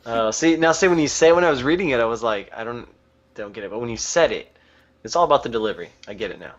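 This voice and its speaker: A man co-hosting a casual podcast, laughing often. His pitch moves in a very animated way, and the audio is dull and lo-fi. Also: fast. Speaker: podcast co-host. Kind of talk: casual chat.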